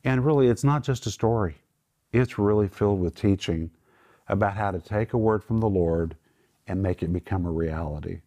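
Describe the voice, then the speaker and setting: A man's voice: low-pitched, normal speed, mellow. A middle-aged man teaching from the Bible on a television program, emphatic and explaining Greek words step by step.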